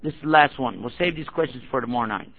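A man's voice: medium pitch, fast talker. A man preaching to a gathering, telling a story and acting out the quotes of the people in it. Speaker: Islamic preacher. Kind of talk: sermon-style storytelling. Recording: dull lo-fi recording.

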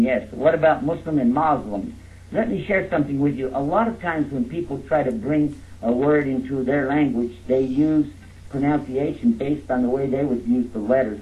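A man teaches a live crowd, joking as he goes and calling on the listeners to say words back to him. His voice sits fairly high for a man. The sound is thin and squeezed, like it is coming down a phone line. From Texas. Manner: jokey, coaxing the audience to repeat words. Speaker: speaker teaching a live audience. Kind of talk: interactive lecture.

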